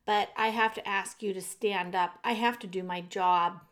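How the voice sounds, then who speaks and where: A woman reading aloud and voicing a polite, solemn male mouse executioner who speaks in a courteous, hushed murmur. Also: medium pitch, fairly even intonation, moderate pace, close to an everyday voice. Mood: gentle, solemn.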